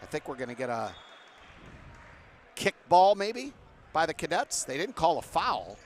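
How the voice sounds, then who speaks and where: A man's voice: on the high side, sing-song, measured pace. A man doing play-by-play for a basketball game from a broadcast booth, chatting with guests between plays. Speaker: play-by-play announcer.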